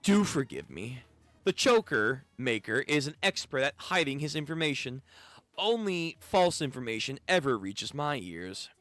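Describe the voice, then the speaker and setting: Man voicing a calm, secretive information broker. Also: mid-range voice, moderate pace, dry recording. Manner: smooth, polite, withholding.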